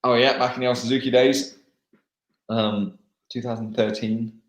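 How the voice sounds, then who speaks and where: Man, English accent, young adult, casual and halting, echoey room. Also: mid-range voice, steady tone. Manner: chatty, laughing, halting with fillers. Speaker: motocross racer, guest. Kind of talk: live online interview, casual chat.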